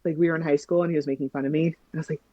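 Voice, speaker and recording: A woman speaking as a podcast guest in a warm, mellow voice. She talks enthusiastically and expressively, and the recording is close and dry. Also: low voice, steady tone, very fast, no echo, muffled recording. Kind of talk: casual conversation.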